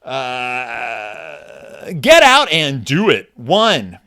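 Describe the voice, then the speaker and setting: Wry self-deprecating man, lively pitch. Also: drawn-out words, creaky. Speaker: podcast host. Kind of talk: comedic book reading and commentary.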